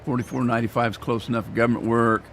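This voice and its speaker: A man's voice: mid-range voice, flat delivery, rapid-fire, creaky, a little hiss or hum. An older man giving rambling, self-deprecating commentary while playing a farming game. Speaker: gaming streamer. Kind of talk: casual gameplay commentary.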